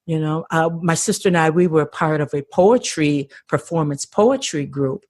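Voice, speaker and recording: A woman's voice: sits low, normal speed, a little mellow, no echo. An older woman talking earnestly and with passion as a podcast guest, often repeating words as she starts a thought. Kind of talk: conversational interview.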